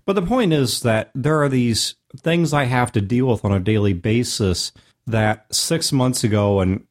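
An American man with a sore throat hosting a solo podcast, joking with big swings in pitch. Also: a little slow. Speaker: podcast host.

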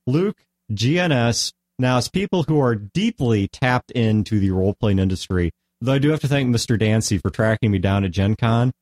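A man's voice: mid-range voice, expressive, moderate pace, darkish tone, dry recording, clean studio sound. A man hosting a casual podcast chat, rambling at length and often stopping to correct himself. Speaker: podcast host.

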